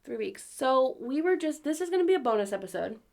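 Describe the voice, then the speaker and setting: A woman's voice: sits high, very animated, fast talker, vocal fry, a little mellow. A young woman co-hosting a podcast, chatting casually, giggling often and swearing offhandedly. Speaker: podcast co-host. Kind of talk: casual chat.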